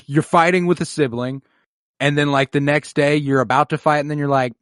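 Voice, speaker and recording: A man's voice: fairly high pitch, fairly even intonation, a bit bright, no echo, studio quality. A man co-hosting a podcast in casual chat, swearing freely and acting out characters' lines. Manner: swears freely, acts out characters' lines in quick mock voices. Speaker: podcast co-host recapping episodes.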